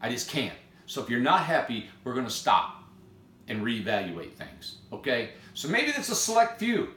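Earnest middle-aged man, bright voice. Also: mid-range voice, big pitch swings, normal speed. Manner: earnest, rambling, emphatic repetition. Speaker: owner and builder of a tiny home company. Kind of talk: unscripted live video monologue. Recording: echoey room.

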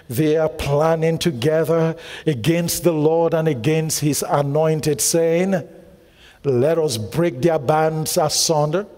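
A man preaching a sermon as pastor, quizzing the congregation with call-and-response questions and repeating lines with emphasis. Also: on the high side. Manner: emphatic repetition, bursts of shouting. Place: church hall. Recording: long hall reverb.

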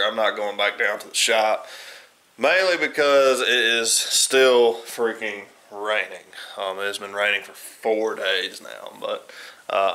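Groggy and freshly awake, a man talks through his DIY truck projects in a casual workshop vlog filmed inside his house. His lowish voice is bright and forceful, the recording is rough, and he wanders along with lots of ums and uhs.

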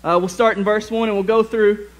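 A man preaching a lively sermon to his church congregation, joking with the crowd and reading scripture aloud. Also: sits high, fairly quick, rough recording. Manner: energetic, jokey, speaks to the congregation. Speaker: pastor. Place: church sanctuary.

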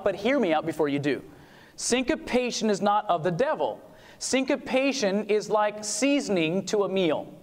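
A man gives an animated seminar talk on music, firing questions at his listeners and breaking into short sung examples. His voice sits high, and a long reverb trails it through the hall. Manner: animated, asks the audience questions, sings short demos.

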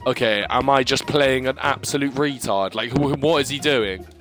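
A young man giving casual, excitable gameplay commentary, ranting and stammering, with sudden high yelps. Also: moderate pace, music in the background. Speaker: gaming YouTuber.

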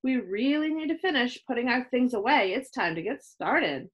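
A woman reading a children's book aloud, voicing a patient teacher who speaks calmly and firmly. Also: a little high, moderate pace, muffled recording, lightly acted. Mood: instructing. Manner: calm, firm and instructive. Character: patient kind female teacher.

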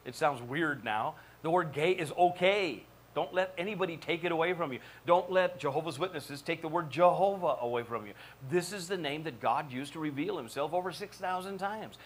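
Guy preaching a sermon in church, kinda high voice, keeps firing questions at the congregation. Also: normal speed, few pauses. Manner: preaching with rising repeated calls and questions to the congregation. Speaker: pastor. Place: church sanctuary.

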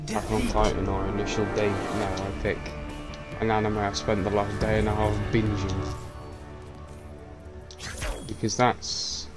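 A man's voice: fairly low pitch, little pitch movement, a little slow, pauses often, loud music behind the voice. A man rambling casually while streaming a video game, chuckling between thoughts. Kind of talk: casual gaming stream chat.

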